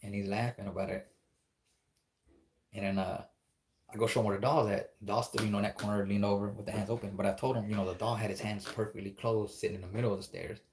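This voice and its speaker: Low-voiced man telling a spooky story. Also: steady tone, quick pace, a little hiss or hum. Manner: profane, rambling, acts out quoted dialogue.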